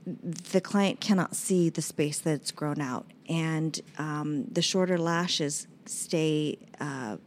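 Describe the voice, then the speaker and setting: A middle-aged woman with a slightly low voice chats casually about her salon work. She talks in an animated way and likes to act out her clients. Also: takes it slowly, few pauses, slight background noise. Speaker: lash artist and salon owner. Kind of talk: casual chat.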